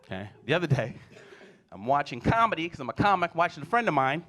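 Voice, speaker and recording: A man in his forties works a stand-up set with a lively voice that swings up and down in pitch. His tone sits a little high for a man. He tells family stories and acts out his kids. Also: fast talker. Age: 40s. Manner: animated storytelling, acting out his kids. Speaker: stand-up comedian. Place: comedy stage before a live audience.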